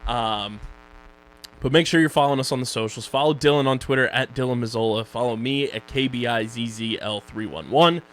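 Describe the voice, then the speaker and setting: A man with a Philadelphia accent co-hosting a casual podcast, joking and running quickly through plugs and sponsor reads. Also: medium pitch, fairly bright tone, poor audio. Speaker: podcast co-host.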